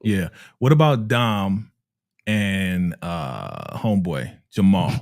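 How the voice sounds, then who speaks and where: A man's voice: deep voice, big pitch swings, slow, creaky, no echo, studio quality. Laid-back man co-hosting a recap. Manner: laid-back, acts out characters' lines. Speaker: co-host. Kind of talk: casual TV recap chat on a live stream.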